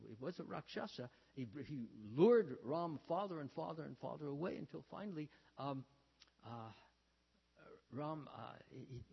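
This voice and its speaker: A man giving a storytelling sermon, talking haltingly with many fillers and restarts, and acting out the lines he quotes. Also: mid-range voice, creaky, slightly rough. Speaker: religious speaker. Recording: dull, reverberant hall sound.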